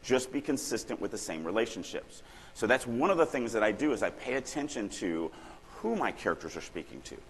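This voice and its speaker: A middle-aged man from Louisiana giving a lively, joking lecture on writing at a conference, acting out little examples as he goes. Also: medium pitch, brisk. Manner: animated, joking, acts out examples. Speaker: writing workshop speaker. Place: large conference hall. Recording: long hall reverb.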